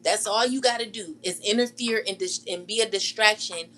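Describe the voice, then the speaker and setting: A woman's voice: mid-range voice, normal speed, fairly bright tone, a little hiss or hum, rough recording. A woman hosting her own channel, talking straight to viewers in a heated, accusing rant, repeating herself and swearing freely. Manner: heated, accusing, repetitive, cursing. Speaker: tarot channel host. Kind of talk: ranting vlog monologue.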